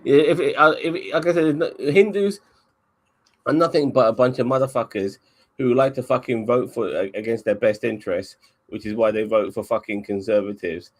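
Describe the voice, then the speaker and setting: A man's voice: medium pitch, normal speed. A man from England with a London accent, chatting casually and swearing a lot, with stammering restarts. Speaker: cab driver. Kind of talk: casual chat.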